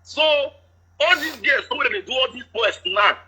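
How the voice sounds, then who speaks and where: A man caller speaking Nigerian Pidgin, explaining things at length in a steady, detailed way. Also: very high-pitched, moderate pace, husky, poor audio. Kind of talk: casual chat.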